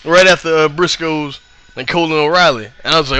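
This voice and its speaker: Young guy, bright tone, hoarse from yelling, laughing, rambling vlog recap. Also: fairly high pitch, fast. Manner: excitable, laughs often, lots of fillers and curse words. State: voice worn from yelling. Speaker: vlogger recapping a live wrestling show.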